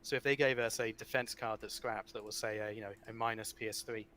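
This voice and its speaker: A man's voice: lowish voice, fairly even intonation, fast talker, bright, forceful tone, slight background noise. A man, a father who writes about a card game, talking casually and rambling, often restarting his sentences.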